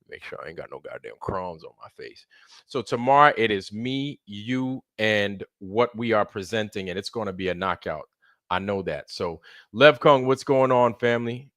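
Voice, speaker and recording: A man's voice: medium pitch, a bit bright, no room sound, clean studio sound. A man hosting a casual live stream, greeting viewers by name in a loose, repetitive style with hype. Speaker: livestream host.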